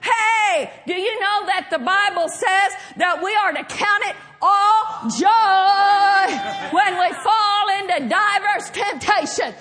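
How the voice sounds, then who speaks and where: A woman voicing the Holy Ghost as a firm, insistent spirit in her sermon, in a high voice close to her own. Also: unhurried, pushed and bright, a faint crowd, heavily acted. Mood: urging.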